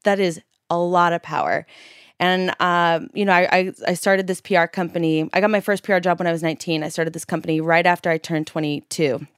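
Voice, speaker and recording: Expressive woman guest from San Francisco. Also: on the low side, clean tone, dry recording, clean studio sound. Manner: expressive, laughs easily, quick to joke. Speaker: guest, PR company founder. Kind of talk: casual chat.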